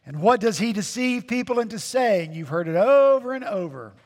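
A male pastor preaching a sermon, slow and emphatic, with dramatic pauses and repetition. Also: high-pitched, sing-song, a little mellow. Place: church sanctuary. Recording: long church hall reverb.

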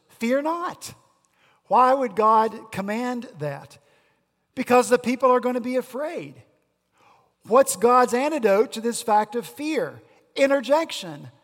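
A man preaching a sermon as a pastor, emphatic, with repeated rhetorical questions, in a church. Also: sits high. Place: church sanctuary. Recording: echoey hall reverb.

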